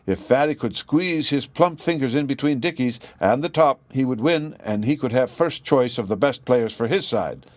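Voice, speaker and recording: Male storybook narrator, gentle and expressive, dry close recording. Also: mid-range voice, moderate pace, hardly any pauses, dry recording. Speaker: audiobook reader.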